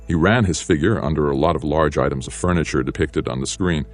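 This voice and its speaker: A man with an extremely deep voice reads a novel aloud in measured, steady narration. Soft music sits faintly beneath his reading. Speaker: audiobook narrator. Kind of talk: scripted audiobook narration.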